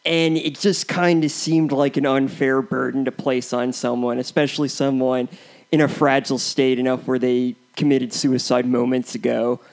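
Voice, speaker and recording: Brief: young male co-host, casual film-review chatter, halting and rambling delivery, mid-pitched. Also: level tone. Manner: rambling, hesitant, full of ums and restarts. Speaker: co-host of a movie review show.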